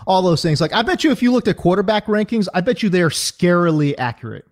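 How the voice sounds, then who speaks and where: A man's voice: high-pitched, expressive, fast talker. A man talking sports casually as a podcast co-host, ranting with lots of fillers and repeated words. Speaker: fantasy football podcast co-host.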